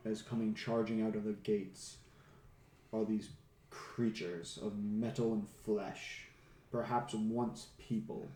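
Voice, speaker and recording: A man narrating as game master of a tabletop game, slow and dramatic with an ominous edge. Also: lowish voice, mellow, roomy sound, slight background noise.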